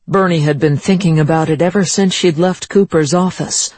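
Steady audiobook narrator, dry sound. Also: mid-range voice, normal speed, few pauses, no echo. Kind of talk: scripted narration.

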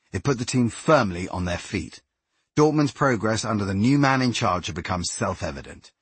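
Male narrator, husky and low, lively intonation, dry close read. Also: no room sound. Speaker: audiobook narrator. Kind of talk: scripted narration.

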